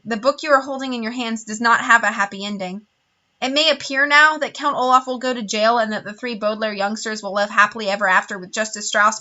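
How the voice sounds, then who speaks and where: A woman's voice: on the high side, bright, forceful tone, lo-fi sound. A woman reading a novel aloud with wry, dramatic storytelling. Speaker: reader.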